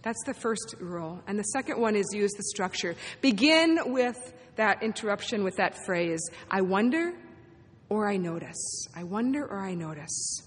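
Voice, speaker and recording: A woman's voice: mid-range voice, lively intonation, moderate pace, slightly rough. A woman pastor preaching a sermon to her congregation, in an encouraging, playful manner. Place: church sanctuary. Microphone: amplified sanctuary mic. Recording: long hall reverb in a sanctuary.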